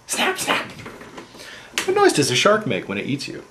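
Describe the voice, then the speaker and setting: A young father playing with his toddler at home, talking in exaggerated sing-song baby talk that leaps into a high voice. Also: wildly swooping pitch, normal speed, long pauses. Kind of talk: playful home video chat with a small child. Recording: echoey room with loud background noise.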